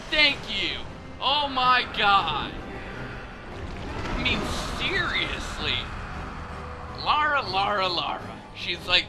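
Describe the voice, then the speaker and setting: A man's voice: sits high, very animated, slow pace, long pauses. A man giving casual let's play commentary, joking and swearing at the character on screen. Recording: game music loud behind voice.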